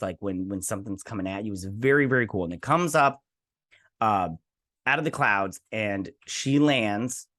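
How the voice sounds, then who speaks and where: A man's voice: fairly low pitch, fairly bright tone. A man hosting a TV review show, recapping an episode in a rambling, enthusiastic way with lots of fillers and restarts.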